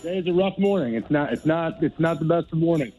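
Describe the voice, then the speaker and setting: A man calling in to a radio show, sore after surgery, his voice sitting fairly high. He tells stories casually and pokes fun at himself. Faint music plays underneath. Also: expressive, quick pace, warm tone, low-quality recording. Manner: storytelling, quoting others, self-deprecating. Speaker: co-host recovering from surgery, on the phone.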